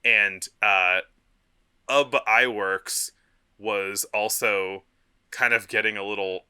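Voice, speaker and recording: A man's voice: fairly low pitch, steady tone, slow pace, bright, forceful tone, smooth. A man co-hosting a film history podcast, talking casually with many fillers and frequent laughs. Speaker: podcast co-host.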